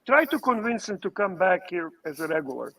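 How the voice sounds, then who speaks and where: A man on a livestream panel, loud and profane, barking mock orders at the others. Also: high voice, sing-song, a little fast, recorded from a distance. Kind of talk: casual chat.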